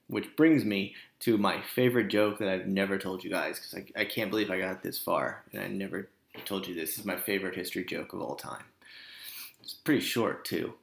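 A man's voice: low-pitched, a little fast, vocal fry, reverberant. A man, a history teacher giving a casual, joking recorded lesson to his students. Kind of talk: recorded online class lecture.

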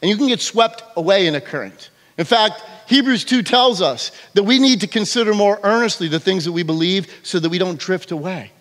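Here is a man preaching in a church sanctuary with a fairly high voice. He tells his stories with animation and keeps checking in with the congregation. The sound trails off in a long hall reverb. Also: brisk, few pauses. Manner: animated storytelling, frequent "okay?" check-ins. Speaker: pastor. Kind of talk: sermon.

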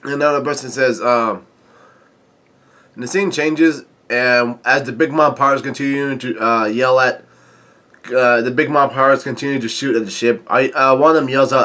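Guy reading a comic out loud, mid voice, lots of ums and uhs, laughing along. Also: mid-range voice, fairly even intonation. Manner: halting, many fillers, chuckles at the story. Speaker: channel host reading a comic aloud. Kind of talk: casual comic read-along with commentary.

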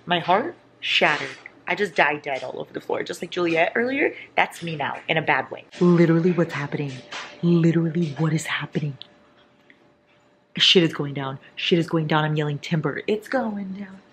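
A woman's voice: deep voice, moderate pace, slight background noise. A young woman vlogging about her reading at home, talking casually and dramatically, gushing and swearing as she reacts. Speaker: book vlogger.

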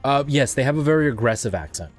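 A man's voice: mid-range voice, expressive, quick pace, faint music behind. Chatty man streaming a game. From Canada. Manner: chatty, reads game text aloud and jokes with chat. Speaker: gaming channel host. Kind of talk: live let's-play streaming commentary.

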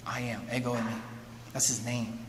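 A man giving a lively lecture, often turning to his listeners with quick questions to check that they follow. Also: mid-range voice. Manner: keeps checking in with listeners through rhetorical questions. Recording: long hall reverb with faint background noise.

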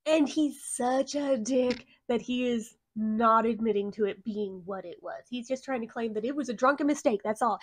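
A woman's voice: on the high side, normal speed, hardly any pauses, no room sound. A young woman giving a casual, profane movie plot recap, laughing often as she tells the story. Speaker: movie reviewer.

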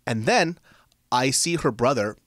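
Expressive man with a swooping voice. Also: mid-range voice, a little slow, dry recording, clean studio sound. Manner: expressive, blunt, laughing storyteller. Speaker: podcast co-host. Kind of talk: casual podcast storytelling.

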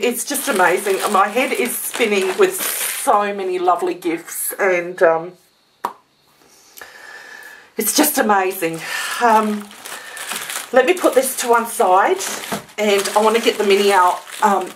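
A woman's voice: mid-range voice, a little hiss or hum. A woman unboxing gifts on a casual vlog, gushing and gasping, teary and emotional. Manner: gushing, gasping, exclaiming often. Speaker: vlogger opening a gift swap.

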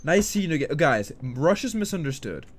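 Hyped male gamer with a lively voice. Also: fairly high pitch, normal speed, slight background noise. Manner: hyped and talkative, rallying viewers, goofing around. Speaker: gaming streamer. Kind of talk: casual gaming commentary.

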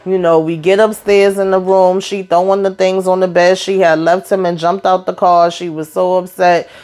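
A woman's voice: fairly low pitch, little pitch movement, moderate pace, a little mellow. A woman casually recapping a reality TV episode for her viewers, chatty and slangy, with sassy asides to the audience. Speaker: TV recap YouTuber.

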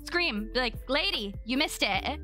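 A bubbly young woman chats with her live-stream audience while she plays. Her voice sits a little high and sounds bright and crisp. Soft music plays behind her. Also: lively intonation, a little slow. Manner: bubbly, chatty, thanking chat and giggling. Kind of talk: casual live-stream chat while gaming.

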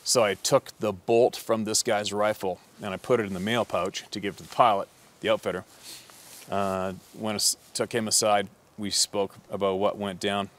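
A man's voice: lowish voice, little pitch movement, moderate pace. A man who works as a hunting guide, telling a story in a blunt, profane, rambling way with lots of fillers. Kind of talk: casual storytelling.

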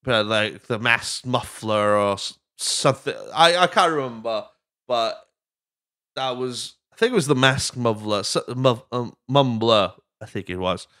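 A man's voice: mid-range voice, a little slow, pushed and bright, no echo, clean studio sound. A young man hosting a podcast in casual chat, rambling and jokey and swearing freely. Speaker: podcast host.

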